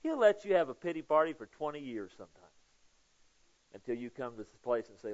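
A man preaching a sermon in a conversational way, often checking in with the congregation and swinging between loud emphasis and hushed, prayerful asides. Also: mid-range voice, sing-song, a little fast, dull audio. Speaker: pastor.

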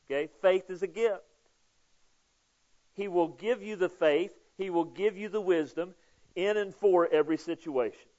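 A man's voice: high voice, unhurried. Lo-fi recording of a conversational preacher man. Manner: conversational preaching, with frequent "okay?" checks to the congregation; swings between loud emphasis and hushed prayer. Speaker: pastor. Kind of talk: sermon.

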